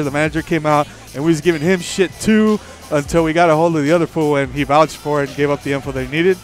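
A man hosting a livestream, telling a story in a profane, animated way, with faint music behind. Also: fairly high pitch, quick pace, few pauses. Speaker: livestream host. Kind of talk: casual storytelling on stream.

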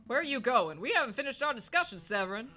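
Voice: medium pitch, very animated, fast, bright, forceful tone, faint music behind. A player voicing a hot-tempered male falcon lawyer who snaps back indignantly. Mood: curt. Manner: indignant, snappy.

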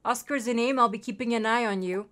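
A woman's voice: fairly high pitch, quick pace, fairly bright tone, natural voice. A woman reading out a grumpy, suspicious male villager's game dialogue in her own voice, scolding and warning. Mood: stern.

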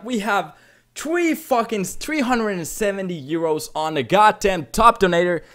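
A man from Finland, live streaming and reacting to donations, emotionally overwhelmed, swinging from shouts to mumbles and swearing constantly. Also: high-pitched, expressive, measured pace.

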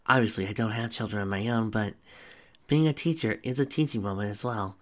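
A man voicing a nonchalant, whimsical mature woman who is a school principal, in a relaxed conversational reading. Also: on the low side, brisk, natural voice. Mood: reminiscing.

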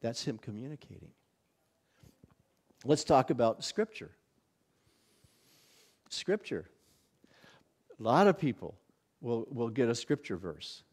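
A visiting pastor teaching a church workshop in a casual, conversational way, often acting out little exclamations of wonder. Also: male voice, medium pitch, big pitch swings, slow, long pauses, darkish tone, slightly rough. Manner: conversational, many restarts and acted-out inner exclamations.

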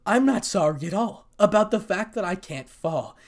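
A bitter, scornful young man speaks coldly to the friends who betrayed him, voiced by a male fan-fiction reader. The pitch swings a lot as he sneers, and the coldness can boil over into shouting. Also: animated, moderate pace. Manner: cold and scornful, bursting into shouting.

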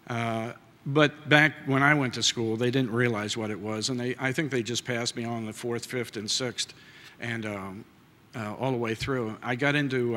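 A man's voice: mid-range voice, bright, forceful tone. A man in his late fifties giving a folksy, heartfelt award acceptance speech at a podium, with plenty of filler uhs. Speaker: award inductee. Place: large banquet hall. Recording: reverberant hall.

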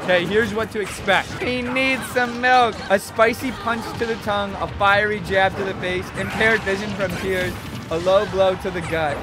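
A man hosting a casual vlog, talking excitably and directly to his viewers. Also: sits high, normal speed. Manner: excitable, talks straight to viewers. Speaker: streamer and video host. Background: background music.

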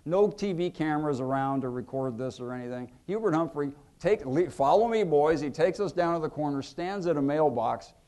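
Animated man telling stories to a crowd. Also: fairly quick, few pauses. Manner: animated, acts out quotes with lively shifts in pitch and loudness. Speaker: author giving a book talk. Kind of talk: anecdotal storytelling to an audience. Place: museum event hall.

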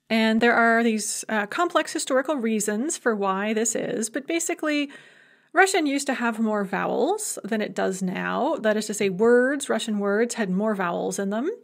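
A woman's voice: on the high side, lively intonation, a little slow, creaky. A woman giving a recorded university language lecture, patiently explaining grammar with examples and light humorous asides. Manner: patient, explanatory, gives example words then translations.

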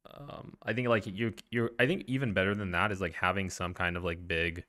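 Male interviewer, very low voice, casual and halting, stumbles through questions. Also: steady tone, sharp tone. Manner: hesitant, halting, full of fillers. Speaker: interview host.

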